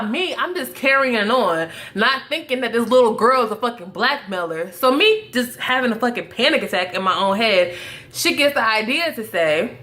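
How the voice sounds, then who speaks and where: A young adult woman telling a casual storytime monologue to her viewers, animated and profane, breaking into laughing asides. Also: on the high side, normal speed. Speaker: vlogger.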